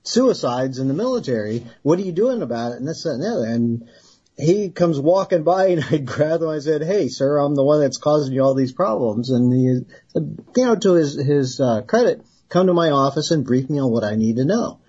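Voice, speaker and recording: A man's voice: on the high side, moderate pace, husky, highs cut off. A middle-aged man, a retired Army researcher, telling a long story in an interview and acting out the dialogue, laughing now and then. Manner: animated storyteller who acts out quoted dialogue and laughs.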